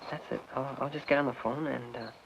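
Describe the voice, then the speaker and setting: A man's voice: mid-range voice, steady tone, fairly quick, a bit bright, slight background noise, close to an everyday voice. A man voicing a frustrated, grumbling everyman in a vintage cartoon, muttering under his breath. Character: grumbling middle-aged everyman, easily frustrated. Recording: dull old film soundtrack.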